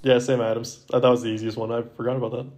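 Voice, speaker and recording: A man's voice: mid-range voice, flat delivery, rapid-fire, a little mellow. A young man co-hosting a movie podcast in casual chat, rambling and filling his sentences with "like". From Baltimore area, US. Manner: rambling, heavy use of "like". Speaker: podcast co-host.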